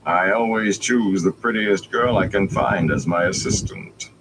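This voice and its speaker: A man voicing a grand, scornful old traveling bard with a theatrical, dry and mocking manner, over steady background noise. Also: low-pitched, a little slow, low-quality recording. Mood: showy.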